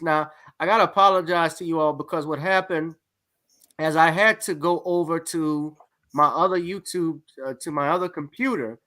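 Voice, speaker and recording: A man's voice: on the high side, sharp tone. A man hosting a casual news commentary show, rambling with lots of fillers and restarts at his computer. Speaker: show host.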